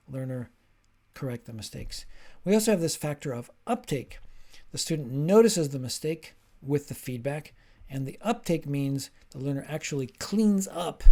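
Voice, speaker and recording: A man, a linguistics professor, giving a short talk on teaching in a clear, emphatic lecturing manner. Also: medium pitch, darkish tone.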